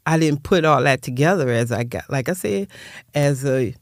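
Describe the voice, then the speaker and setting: Older woman, gravelly voice, heartfelt and rambling, close dry mic. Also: deep voice, animated, moderate pace, no room sound. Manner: rambling, heartfelt, repeats words. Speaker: guest, nonprofit founder. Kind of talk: personal storytelling in interview.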